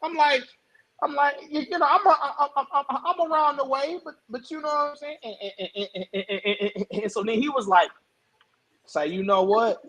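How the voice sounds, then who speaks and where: A man with a very high voice hosts a casual podcast chat. He tells his story in an animated way, stumbling over repeated words and restarting often. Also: fairly quick, low-quality recording. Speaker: podcast host.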